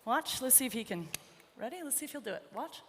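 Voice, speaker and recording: A woman's voice: a little high, expressive, fast. A woman horse trainer giving a live arena demonstration, chatting encouragingly to her colt and the crowd. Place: large indoor horse arena. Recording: reverberant arena with faint noise.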